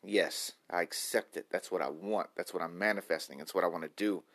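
A man in his late thirties talking to camera in a rambling, self-reflective daily vlog, repeating himself as he thinks out loud. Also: sits low, a little fast. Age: 30s. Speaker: vlogger. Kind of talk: stream-of-consciousness daily vlog.

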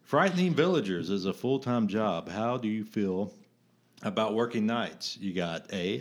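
A man's voice: fairly low pitch, expressive, unhurried. A man co-hosting a podcast, reading a magazine quiz aloud in a playful, joking way. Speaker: podcast co-host.

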